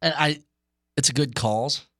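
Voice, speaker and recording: A man's voice: a little high, measured pace, sharp tone, no room sound, clean studio sound, soft background music. A man co-hosting a sports talk show, joking around in casual, playful banter.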